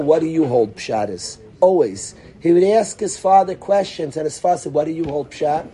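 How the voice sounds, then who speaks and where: Male rabbi giving a Torah class, warm and higher-pitched, acting out questions and answers as he thinks aloud. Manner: sprinkles Hebrew and Yiddish terms. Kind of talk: Torah lesson.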